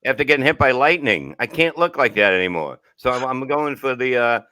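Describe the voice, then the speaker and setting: A middle-aged man from Staten Island, a podcast co-host telling a profane, animated story in casual chat. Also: mid-range voice, fairly quick, no echo. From Staten Island, New York.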